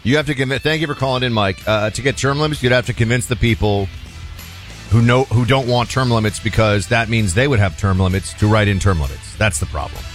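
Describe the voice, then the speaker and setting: A man's voice: mid-range voice, fairly quick, soft background music. A man hosting a call-in radio talk show, chatting loosely with many fillers and restarts.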